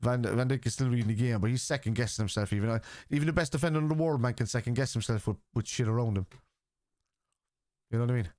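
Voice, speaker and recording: Quick-paced and a little mellow, a man's mid-range voice is heard in a dry, studio-quality recording. He's in casual live-stream chat on a football stream, answering viewers bluntly, arguing with them, and swearing freely.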